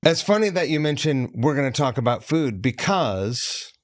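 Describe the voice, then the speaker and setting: A podcast host from Seattle chats casually with a guest, laid-back and talkative, swearing freely. His medium-pitched voice is animated at a moderate pace, and the sound is clean, studio-like, and free of echo.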